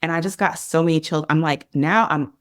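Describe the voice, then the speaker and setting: A woman's voice: deep voice, fairly quick, no echo. Chatty woman telling a story, dry sound. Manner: animated, chatty, heavy use of "like" and "girl". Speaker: podcast guest. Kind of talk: casual storytelling in an interview.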